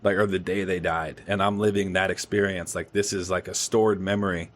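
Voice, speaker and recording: Young guy w a lowish voice rambling thru a wild dream story, swears a lot. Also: a little fast, slight background noise. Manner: animated storytelling, swears freely. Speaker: podcast host. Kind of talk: casual chat.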